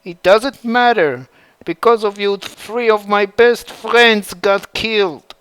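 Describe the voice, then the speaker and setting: A man's voice: fairly high pitch, slow pace, fairly bright tone, clear, resonant tone, no room sound. A man reading the part of a caring but vengeful young woman fighter in a fan story. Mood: angry.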